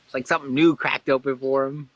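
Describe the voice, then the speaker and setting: Man, casual guided blessing talk, animated, laughs a lot, excited high-voiced quotes. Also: fast, no room sound, muffled recording. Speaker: host guiding a blessing exercise.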